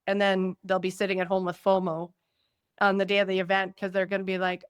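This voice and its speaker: A woman guest on a podcast who explains a personality system in a talkative, lively way and acts out quoted reactions. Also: medium pitch, fast, smooth, dry recording, dull audio. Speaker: Human Design guide.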